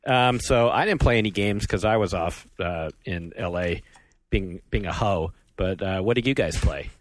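A man's voice: low-pitched, normal speed. A man hosting a casual gaming podcast who steers the conversation and ribs the others. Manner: joshing, steers the talk. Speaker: podcast host. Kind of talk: casual chat.

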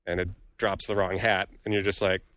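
A man co-hosting a casual podcast, telling stories quickly with a wry edge. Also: sits low, level tone, a bit bright. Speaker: podcast co-host. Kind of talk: casual group chat.

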